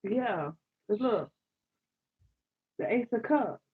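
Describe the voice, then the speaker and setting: A woman giving a live tarot reading, animated, exclaiming and repeating phrases to her listeners. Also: a little high, slow, husky. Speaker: tarot reader. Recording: dull lo-fi sound.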